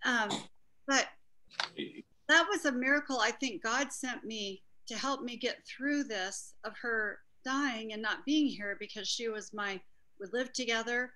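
A middle-aged woman with a high, bright voice speaks to a small church group. She tells a personal story in an earnest, halting way, pausing and restarting as she goes. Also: rough recording. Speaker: group participant.

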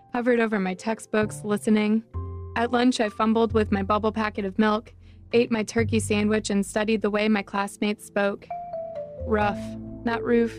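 A woman from North Carolina reading her personal essay aloud in a measured, reflective way. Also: mid-range voice. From Charlotte, North Carolina. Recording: voice over clear background music.

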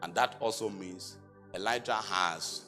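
A man preaching a sermon in a church, reading scripture aloud slowly and firing rhetorical questions at the congregation, then answering them himself. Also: music in the background. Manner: reads scripture aloud in old-fashioned language, slow and emphatic; rises to loud, high-pitched exhortation. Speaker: apostle preaching.

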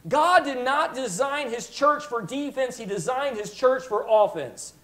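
A man's voice: very high voice, animated, unhurried, a bit bright. A man preaching a sermon as pastor, emphatic, stopping to restart phrases and asking his congregation "Amen?".

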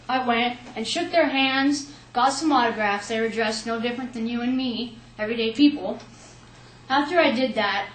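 A young woman telling a personal story in an animated way, acting out what people said. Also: fairly high pitch, recorded from a distance. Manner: lively, animated retelling with quoted asides. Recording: echoey room, faint ambience.

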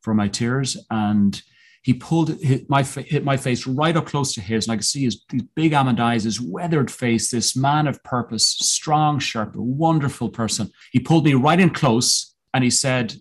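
Earnest man recounting a personal ordeal. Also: medium pitch. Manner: reflective, earnest, with frequent restarts and pauses. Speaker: podcast guest, mountaineer. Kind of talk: personal storytelling in an interview.

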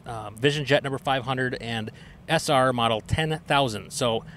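Chatty male podcast host, mid-pitched. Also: moderate pace, fairly bright tone, slight background noise. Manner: chatty, upbeat, explains things with fillers. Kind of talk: casual podcast recap.

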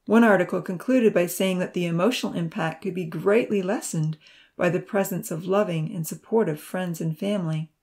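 A woman narrating a Christian children's storybook aloud in a steady, expressive reading. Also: lowish voice, normal speed. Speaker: audiobook reader.

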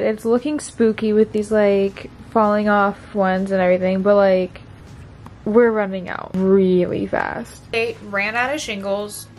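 A young woman chatting to herself as she works on a crafting vlog, often slipping into soft asides. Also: a little high. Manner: chatty, talks to herself while working, drops to soft asides. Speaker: crafting vlogger. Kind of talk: casual crafting vlog narration.

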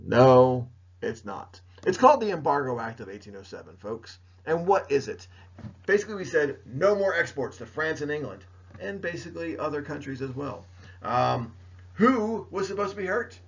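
Husky playful male history teacher. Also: on the high side, sing-song, normal speed. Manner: playful, jokey, talks straight to students. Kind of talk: recorded mini lecture. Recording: dull lo-fi recording.

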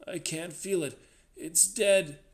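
A man voicing a terrified young man who has been stung, shouting and whimpering in high-pitched panic. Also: slow, gravelly, exaggerated voice. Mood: panicked.

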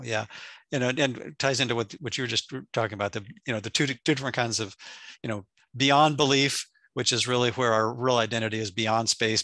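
A man's voice: medium pitch, vocal fry, bright, forceful tone, no echo. A man leading a spiritual study group, musing in a casual way with fillers. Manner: musing, chuckling, hesitant with fillers.

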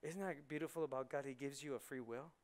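A man preaching a lively sermon in a church, dropping to near whispers and rising to excited shouts, often acting out quick voices. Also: mid-range voice. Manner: animated, swings from hushed to shouting, acts out voices. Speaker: pastor. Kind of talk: energetic sermon. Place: church hall.

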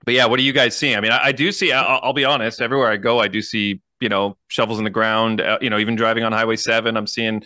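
A man's voice: lowish voice, steady tone, bright, forceful tone, no room sound, studio quality. A man with a Canadian accent co-hosting a podcast in casual chat, sometimes reading news aloud, chatty and joking at his own slips. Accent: Canadian English. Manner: fast, chatty, jokes and laughs at own slips. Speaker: podcast co-host, realtor.

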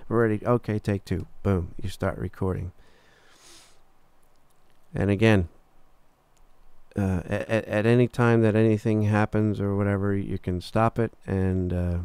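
A man with a low, gravelly voice talks through a software tutorial in a casual, relaxed way, pausing on fillers as he clicks along. His tone stays smooth and resonant despite the grit. The sound is close and dry, with no room around it. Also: no echo. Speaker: recording engineer teaching software. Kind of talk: screen-recorded software tutorial.

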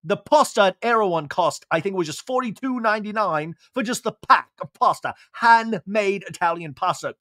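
A man's voice: high voice, lively intonation, moderate pace, hardly any pauses, pushed and bright, no room sound, clean studio sound. Chatty, sarcastic man recapping TV. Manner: chatty, sarcastic, laughing asides. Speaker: podcast host. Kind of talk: comedic TV recap.

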